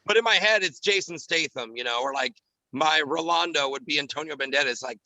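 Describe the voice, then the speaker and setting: A man's voice: a little high, bright, forceful tone, no room sound, rough recording. A man guesting on a podcast, chatting casually and a little giggly, with lots of fillers. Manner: giggly, talks fast with many fillers. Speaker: podcast guest, radio show comedian.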